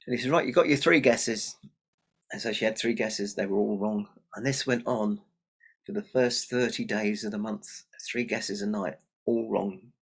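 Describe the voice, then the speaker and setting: A man telling a folk tale aloud in a lively, chatty way, speaking to his listeners. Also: lowish voice, moderate pace, slightly rough. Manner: lively, chatty, addresses the audience. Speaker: storyteller.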